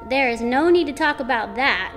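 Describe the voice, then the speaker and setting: A woman's voice: high-pitched, animated, normal speed, fairly bright tone, in a large hall, faint music behind. A woman reading aloud, voicing a grumpy farm father who grumbles sternly in a storybook. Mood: grumbling.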